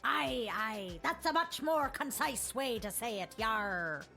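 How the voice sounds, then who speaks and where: A woman's voice: a little high, lively intonation, slow, vocal fry, bright, forceful tone, exaggerated voice. A woman voicing a boisterous female pirate captain in a video game, full of hearty pirate slang and growly laughs. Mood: rowdy. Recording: game audio with faint music.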